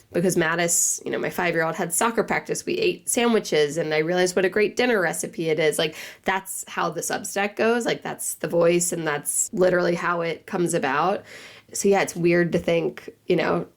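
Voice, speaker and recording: A woman in her thirties talks casually as a podcast guest. Her voice sits on the low side. She piles up asides and acts out her own thoughts in quotes. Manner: chatty, lots of "like" and quoted asides. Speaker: cookbook author and newsletter writer.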